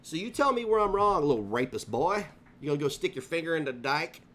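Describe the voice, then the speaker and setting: A man's voice: on the high side, expressive, a little fast, fairly bright tone. Profane ranting male streamer. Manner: profane, confrontational, taunting. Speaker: live streamer. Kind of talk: livestream rant.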